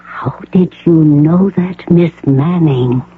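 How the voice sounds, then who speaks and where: A man playing a self-assured hospital doctor in a 1980 radio drama, speaking in a measured, formal, precise way. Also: on the high side, husky, heavily acted. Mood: pleased. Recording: narrow phone-like radio broadcast.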